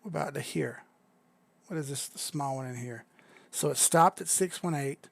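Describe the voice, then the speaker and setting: A young adult man hosting a casual crypto livestream, chatty and excitable, swearing freely as he talks viewers through charts. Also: mid-range voice, moderate pace, gravelly, dry recording.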